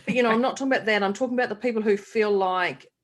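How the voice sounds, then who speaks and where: A middle-aged woman co-hosting a casual podcast chat, animated and laughing often as she acts out quoted voices. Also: mid-range voice, rapid-fire. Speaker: podcast co-host.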